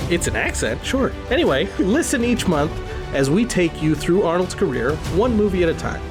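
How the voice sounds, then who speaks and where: Lively, high-voiced man reading a promo. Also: normal speed. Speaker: podcast co-host in a promo. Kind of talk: scripted podcast promo. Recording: promo with music bed.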